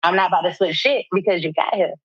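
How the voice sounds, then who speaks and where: A woman's voice: on the low side, fast, slightly rough, dry recording, highs cut off. Laughing, profane woman telling a story. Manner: animated, profane, laughs often mid-story. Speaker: podcast co-host. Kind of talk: casual storytelling chat.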